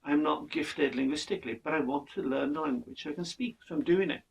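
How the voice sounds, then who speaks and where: An older man, talking in an earnest, measured monologue and often restarting his words. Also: a little high, gravelly, distant mic, lo-fi sound. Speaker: podcast speaker. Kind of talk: reflective monologue.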